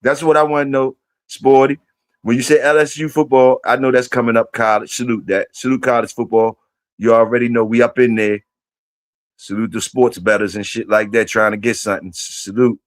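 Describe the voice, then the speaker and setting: A man runs a live stream, chatting loosely and profanely and throwing questions at his viewers. His middle-pitched voice stays level and moves fairly quickly. The recording is close and dry.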